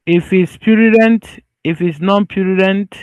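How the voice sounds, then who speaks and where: A man's voice: high-pitched, fairly even intonation, measured pace, darkish tone, no room sound. A man teaching medicine over slides. He talks in a loose, conversational way and repeats his points so they stick. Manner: conversational, loose phrasing with restarts. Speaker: medical lecturer.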